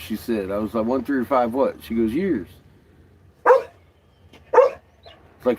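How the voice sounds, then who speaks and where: A man's voice: mid-range voice, animated, unhurried, long pauses, heavy background noise. A man chatting casually in a vlog, laughing often and swearing freely. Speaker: vlogger. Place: out and about, doing laundry.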